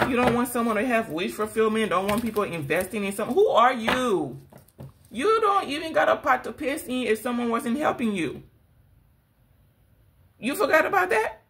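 A woman's voice: on the high side, very animated, moderate pace, fairly bright tone, slight background noise. A woman doing a spiritual tarot reading, scolding and sassy, calling people girl and laughing between lines. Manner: addresses the viewer as girl. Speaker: tarot reader.

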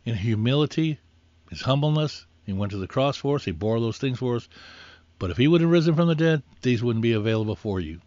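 A man's voice: mid-range voice, lively intonation, a little fast, a little mellow. A man preaching with earnest, repetitive urging, leading listeners through spoken prayers. The recording is dull and lo-fi, with a dry, close sound and no room echo. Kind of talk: sermon.

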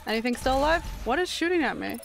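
A woman streamer giving live gameplay commentary, excitable, yelping and talking to herself as she plays. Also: sits high, quick pace, creaky, soft background music. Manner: excitable, yelps and talks to herself while playing. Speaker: game streamer. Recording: steady background noise.

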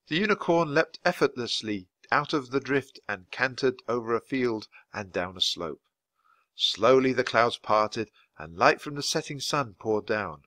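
A man reading a children's storybook aloud at a natural, steady pace for learners. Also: medium pitch, no echo. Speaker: reader.

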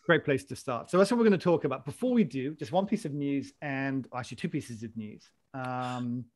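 A man's voice: mid-range voice, a little fast. A man hosting a casual podcast chat, jokey and rambling, often restarting his sentences. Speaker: podcast host.

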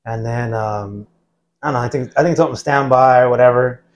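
Middle-aged American man, easygoing storyteller, mid-pitched voice. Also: brisk, highs cut off, a little hiss or hum. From United States. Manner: laid-back, loud when acting out shouted lines. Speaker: veteran guest. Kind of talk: casual storytelling.

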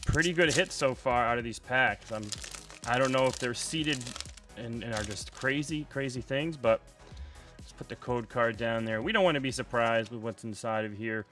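A young man chatting casually while opening trading card packs, excitable and prone to loud outbursts. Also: mid-range voice, normal speed, soft background music. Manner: excitable, bursts into shouting and laughter over pulls. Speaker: card unboxing host.

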